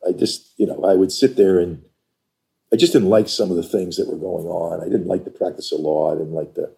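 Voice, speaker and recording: An older man from New York, an interview guest telling stories about his career in an animated, emphatic way. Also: low voice, a little fast, gravelly. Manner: animated, emphatic storyteller who acts out quoted dialogue. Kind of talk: conversational storytelling.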